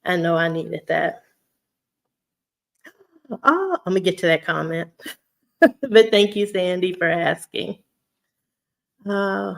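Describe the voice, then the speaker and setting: A woman's voice: medium pitch, a little slow, pauses often. A woman with a Southern US accent, chatting casually on a livestream. She is a teacher, reads viewer comments aloud and laughs often. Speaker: vlogger on a weight-loss journey.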